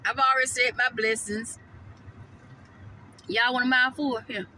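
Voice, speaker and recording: High bright-voiced woman chatting. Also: steady tone, measured pace, a little hiss or hum, poor audio. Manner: chatty, addresses viewers as y'all and honey. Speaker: vlogger. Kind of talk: casual mukbang vlog chat. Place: parked car.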